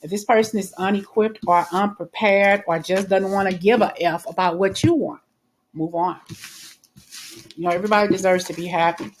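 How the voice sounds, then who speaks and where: A woman's voice: mid-range voice, steady tone, normal speed, background noise. A woman giving a casual spoken tarot reading in a chatty, reassuring way, with frequent fillers and restarts. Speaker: tarot reader.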